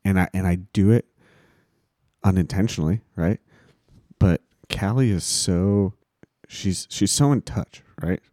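A man's voice: deep voice, unhurried, long pauses, mellow, no echo, clean studio sound. A man co-hosting a faith podcast, chatting in a laid-back, conversational way. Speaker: podcast co-host. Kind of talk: casual faith talk.

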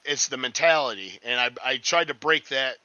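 A man's voice: mid-range voice, lively intonation, moderate pace, pushed and bright, dry recording. Profane, cocky man in a muffled recording. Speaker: restaurant line cook. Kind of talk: casual podcast chat.

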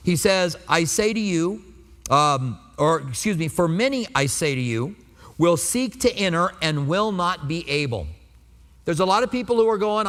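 A man's voice: high-pitched, animated, moderate pace, fairly bright tone, long reverb tail. A pastor in his fifties preaching a sermon in a conversational way, asking the congregation rhetorical questions.

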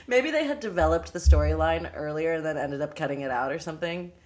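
A young woman chatting casually about a film, animated and quick to laugh. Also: deep voice. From Los Angeles area, US. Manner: animated, laughs often, quotes people in voices. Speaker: podcast co-host.

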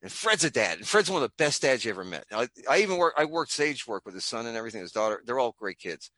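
Male guest, theatrical joke teller, bright tone, wildly varied pitch, dry close sound. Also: very animated, quick pace, no room sound. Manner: loud, rambling, theatrical joker. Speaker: comic creator and guest. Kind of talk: animated storytelling and joke telling.

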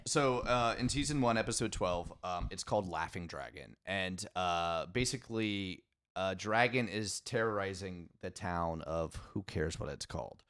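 A man co-hosting a podcast, retelling a cartoon episode in an excitable, laughing way. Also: low-pitched, normal speed, clear, resonant tone. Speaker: podcast co-host. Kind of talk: casual chat.

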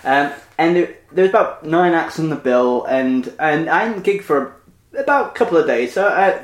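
A man's voice: on the high side, expressive, moderate pace. A man, a stand-up comedian, telling a rambling anecdote in casual chat with many fillers. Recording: roomy echo.

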